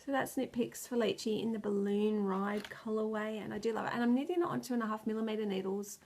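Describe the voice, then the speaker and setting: A woman's voice: medium pitch, steady tone, quick pace, darkish tone. A woman talks casually through her knitting projects for a video podcast. She sounds tired and stressed, close to tears at times. She rambles, loses her words and laughs easily. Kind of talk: casual chat.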